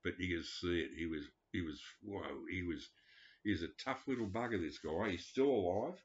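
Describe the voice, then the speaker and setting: An older man in his seventies rambles through his memories with a very deep, low voice, peppering them with swearing and ums. The recording is dull and lo-fi. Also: moderate pace. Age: 70s. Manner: profane, meandering, frequent fillers. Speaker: vlogger. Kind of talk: rambling personal storytelling.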